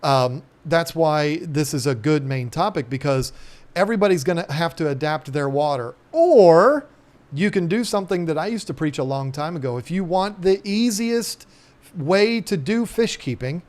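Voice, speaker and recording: A man's voice: fairly high pitch, normal speed. A man hosting a casual live stream, rambling in a folksy way with plenty of ums. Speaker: aquarium channel host.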